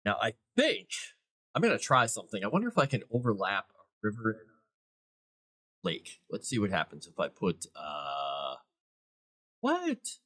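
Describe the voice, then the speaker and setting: A man's voice: fairly low pitch, sing-song, normal speed, bright, forceful tone. A man hosting a casual live stream, thinking aloud as he works and chatting to viewers and his cat. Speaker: author and live-stream host.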